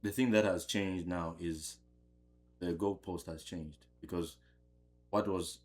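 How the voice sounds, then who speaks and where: A man from Africa, a podcast guest, telling animated stories in casual conversation, often laughing and repeating words as he goes. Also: low voice, slow pace.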